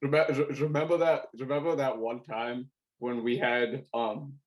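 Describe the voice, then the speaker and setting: Young man swearing in excited chat. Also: medium pitch, normal speed, low-quality recording. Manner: excitable, swears a lot, joking. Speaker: podcast co-host. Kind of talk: casual chat over video call. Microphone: video call.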